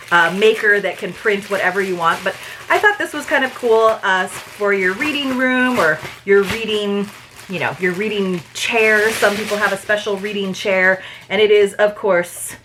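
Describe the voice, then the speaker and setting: A woman's voice: mid-range voice, bright, forceful tone, a little hiss or hum. A woman reviewing a subscription book box in a chatty, casual way, laughing at herself and reading excerpts aloud. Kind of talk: casual review vlog with read-aloud passages.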